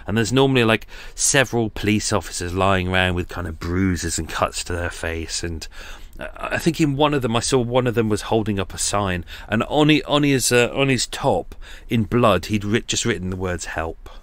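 Low-voiced podcast host, rambling. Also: male voice, lively intonation, moderate pace, fairly bright tone, no echo. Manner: jokey, rambling, with sighs and asides. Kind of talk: rambling comic monologue.

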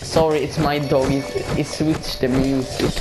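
Slow-talking Swedish man gaming. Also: mid-range voice, little pitch movement, poor audio. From Sweden. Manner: joking, profane, full of halting restarts. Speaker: gaming video maker. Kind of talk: casual gameplay commentary. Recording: game music behind the voice.

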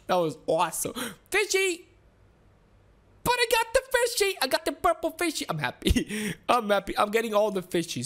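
A woman giving excitable, giggly commentary while playing through a game, with frequent exclamations. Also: fairly high pitch. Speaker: gaming video host. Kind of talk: playthrough commentary.

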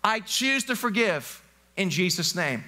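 A man's voice: high voice, big pitch swings, measured pace, bright, forceful tone. A male pastor preaching an emphatic sermon in a church, repeating phrases and slipping into spoken prayers. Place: church sanctuary.

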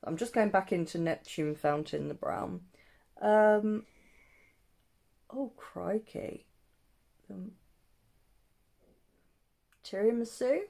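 Slow-talking woman thinking aloud. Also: medium pitch, gravelly, a little mellow. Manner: thinking aloud with many ums, self-teasing. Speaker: beauty vlogger. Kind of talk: chatty makeup tutorial vlog.

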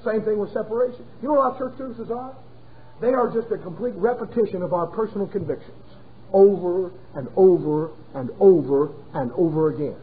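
A man preaching a sermon to his congregation in a folksy, emphatic way, slowing down hard on key words. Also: high voice. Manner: folksy, emphatic preaching with sudden slowdowns and chuckles. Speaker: pastor. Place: church. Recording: tinny phone-like audio.

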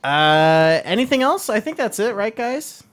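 An upbeat male podcast host with a slightly high voice that moves around a lot. He runs a casual gaming chat with friends and leads the sign-off. His tone stays easygoing. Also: big pitch swings, measured pace, fairly bright tone. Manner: upbeat, runs the outro and plugs.

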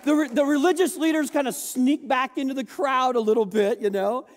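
A male pastor preaching a sermon to a church congregation, lively and joking, acting out the voices of people in the story and getting the crowd to repeat words. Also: very high voice, brisk. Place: large church hall. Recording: long reverb of a church hall.

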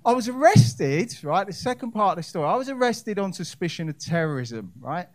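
A man's voice: high-pitched, sing-song, fairly quick, darkish tone. A male stand-up comedian telling a long story live on a comedy club stage, brashly talking to the crowd. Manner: brash, addresses the crowd directly.

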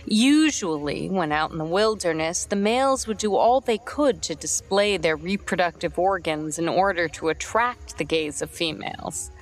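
A woman narrating a storybook in a steady, even read. Her voice sits on the low side, with faint music playing under her. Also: moderate pace, few pauses. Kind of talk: scripted narration.

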